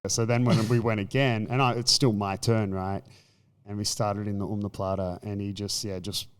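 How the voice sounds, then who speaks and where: An Australian man in a casual chat, telling animated stories and acting out quotes. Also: fairly low pitch, normal speed, clean tone. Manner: animated storytelling, acts out quotes. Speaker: podcast guest.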